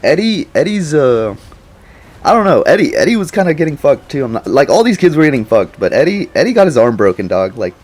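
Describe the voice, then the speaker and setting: A man's voice: on the high side, sing-song, brisk, a little mellow. A young man giving a casual, slangy movie reaction, rambling and laughing often. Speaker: YouTuber.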